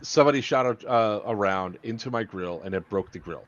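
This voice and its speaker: A man's voice: on the low side, brisk, background noise. A man hosting a podcast in casual group chat, telling rambling stories with plenty of swearing and laughter. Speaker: podcast host. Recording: muffled lo-fi podcast audio.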